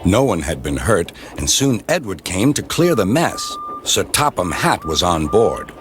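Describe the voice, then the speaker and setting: A man narrates a children's train story at a slow, careful pace, his voice rising and falling widely. Music plays clearly under his reading. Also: low-pitched. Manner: expressive and measured.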